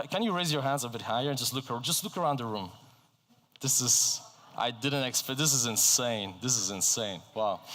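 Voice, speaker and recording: Energetic Polish-born man on stage. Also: mid-range voice. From Poland. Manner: energetic, conversational, engages the audience. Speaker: conference speaker. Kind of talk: motivational keynote talk. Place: conference hall stage. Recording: echoey conference hall.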